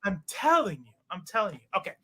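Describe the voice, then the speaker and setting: A man in his thirties telling stories in a casual chat, animated, swearing and acting out what people said. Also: sits high, fast. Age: 30s. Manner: animated, swearing, acts out quoted dialogue. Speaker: podcast guest.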